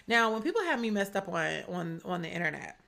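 With a lowish, gravelly, slightly bright voice that swings widely in pitch, a young woman from Atlanta hosts her podcast at a fairly quick clip. She's chatty and candid, leaning heavily on "like."

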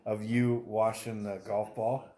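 A man's voice: on the low side, level tone, unhurried, warm tone. A man in his forties hosting a podcast, chatting casually with friends as a rambling, profane storyteller who laughs often. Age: 40s. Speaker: podcast host. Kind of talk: casual banter among friends.

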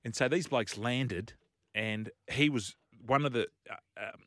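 An Australian man on a radio show, telling a story in a lively, laughing way. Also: mid-range voice, measured pace, no room sound, studio quality. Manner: animated storyteller, laughs often. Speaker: radio co-host. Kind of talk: casual radio banter. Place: radio studio. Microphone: studio mic.

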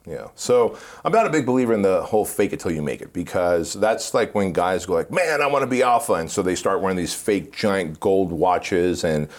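A man guest in an interview, telling animated stories and laughing often. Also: low-pitched, moderate pace, few pauses. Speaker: podcast guest. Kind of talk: casual storytelling interview.

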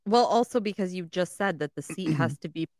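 A woman in casual podcast chat who chimes in with quick reactions and teasing remarks. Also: on the low side, animated, darkish tone, dry recording, studio quality.

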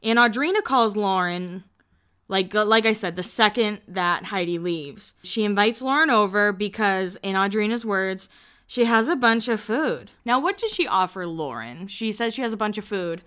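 A young woman hosting a podcast and recapping a reality show in casual chat, laughing often and slipping in quick quoted asides. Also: mid-range voice, expressive, a bit bright.

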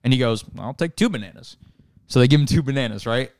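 A man's voice: medium pitch, animated, quick pace, darkish tone, no room sound. A man co-hosting a casual podcast, telling a long, rambling joke, swearing casually and laughing at his own story. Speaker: podcast co-host.

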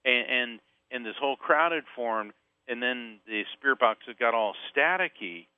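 A man's voice: mid-range voice, moderate pace, clear, resonant tone, no room sound. Man telling a story over a phone line. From Central Florida. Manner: animated storyteller acting out voices. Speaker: guest author and medium. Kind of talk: storytelling interview.

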